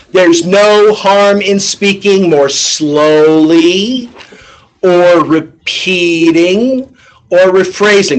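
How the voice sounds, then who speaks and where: A man giving a sales training talk to his team, lively and acting out both sides of phone calls. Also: sits high, rough recording.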